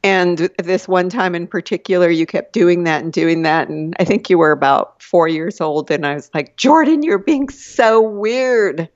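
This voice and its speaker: Soft-spoken older woman, low voice. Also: steady tone, moderate pace, few pauses, no room sound. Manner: soft-spoken, hesitant, laughs often. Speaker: guest, the host's mother. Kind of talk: casual chat. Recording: dull lo-fi sound.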